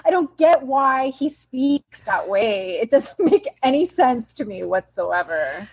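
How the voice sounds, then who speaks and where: A woman's voice: high-pitched, very animated, slow pace, a little mellow, husky, poor audio. A woman with a Canadian accent co-hosting a movie podcast, talking emphatically and opening lines with "listen". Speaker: podcast co-host. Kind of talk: casual chat.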